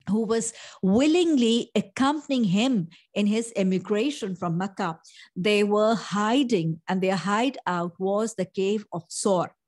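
A woman's voice: medium pitch, darkish tone. A middle-aged woman teaching a Quran lesson in English, explaining verses and mixing in Arabic phrases.

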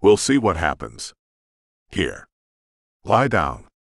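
Guy reading a young witch girl, tender and urgent, deep and dry. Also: very animated, slow, creaky, dry recording, heavily acted.

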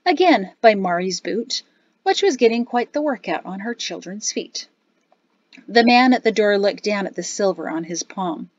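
A woman reading a novel aloud as audiobook narrator, with an even storytelling delivery. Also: mid-range voice, unhurried, no room sound, lo-fi sound. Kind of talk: scripted narration.

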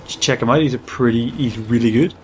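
A man giving casual gameplay commentary as a gaming channel host, playful and jokey with excitable rambling. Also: medium pitch, brisk, noisy background.

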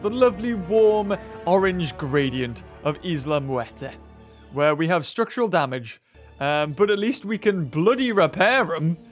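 A young man narrates his gameplay in a high, bouncy voice that swoops up and down as he chatters to himself. He hosts a gaming channel and keeps his commentary casual and excitable.

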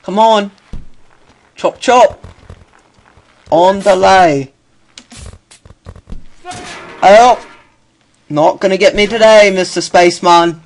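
A man's voice: high-pitched, slow pace, pauses often. A young man commentating on his own game play, chatty and talking to the game and himself. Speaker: gaming youtuber.

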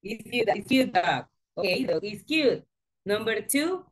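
Lively woman teaching English. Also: medium pitch. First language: Spanish. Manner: slow, patient explaining with lively emphasis. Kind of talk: online grammar lesson. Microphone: video call.

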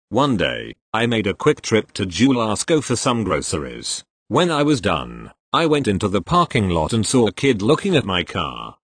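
A man's voice: on the low side, breathy edge, dry recording. A man reading online forum posts aloud, spelling out abbreviations letter by letter as he goes.

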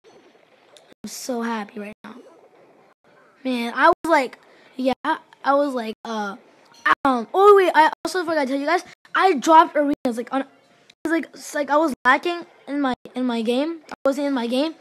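A high-pitched woman narrates her own gameplay in a hyper, gushing rush. She repeats her exclamations over and over and jumps from loud cheering to low mumbled asides. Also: moderate pace. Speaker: gaming channel host. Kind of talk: excited gameplay commentary.

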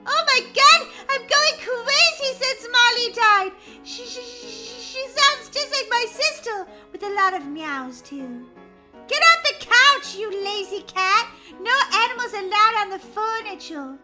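A woman doing a shrill, excitable sister. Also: takes it slowly, hardly any pauses, heavily acted. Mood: dramatic. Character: grieving, easily shocked older sister girl. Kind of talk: voiced game role-play. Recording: music playing behind.

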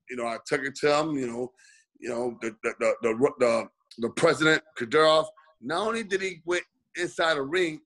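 A man's voice: fairly high pitch, a bit bright, low-quality recording. A man being interviewed as a boxing guest over a video call, telling a long story with lots of fillers. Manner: rambling, many "you know" fillers. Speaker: guest boxer.

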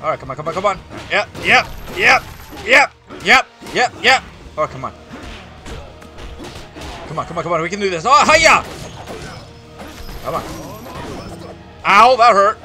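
An excitable man chatting through his gameplay in a high, bright voice. He jumps between pitches constantly, yelping and groaning as the game goes on. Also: a little slow, pauses often, soft background music. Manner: loud, excitable, exclaiming and groaning as he plays. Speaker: gaming video host. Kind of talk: casual gameplay commentary.

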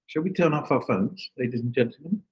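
A man's voice: mid-range voice, fairly quick, rough recording. Man, host of a reading, wry and joking, live room crowd. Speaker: organizer hosting a play reading. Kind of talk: casual live introduction. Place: room with a small live audience.

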